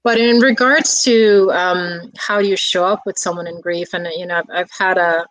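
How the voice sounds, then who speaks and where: A woman with a fairly low voice speaks slowly and thoughtfully in a relaxed conversation, backing up and restarting now and then. The sound is close and dry, with no room echo. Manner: soft-spoken, reflective, with restarts and fillers. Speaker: guest. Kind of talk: casual conversation.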